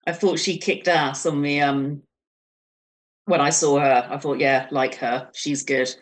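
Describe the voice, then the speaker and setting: A woman guest on a radio chat gives frank, lively opinions in a casual way. Her voice is somewhat low for a woman. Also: a little slow. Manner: frank, enthusiastic opinions, laughs easily.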